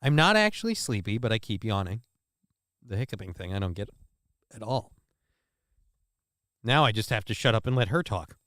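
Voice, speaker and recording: A man's voice: on the low side, very animated, normal speed, long pauses, a bit bright, no room sound. A man giving casual, rambling, sarcastic commentary as he reacts to a video.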